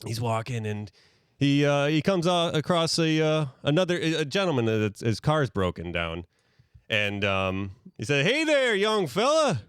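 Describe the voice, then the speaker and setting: A man's voice: mid-range voice, expressive, measured pace, clear, resonant tone, no echo, clean studio sound. A man co-hosting a podcast who spins an improvised comic story in a rambling, playful way, with plenty of fillers. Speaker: podcast co-host.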